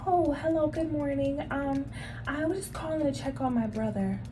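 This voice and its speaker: A woman's voice: sits high, moderate pace, far from the mic, slight background noise, pitched above the performer's own voice, natural voice. A woman voicing a timid, worried woman who calls the hospital about a relative and speaks hesitantly. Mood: meek. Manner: hesitant and soft-spoken, with fillers.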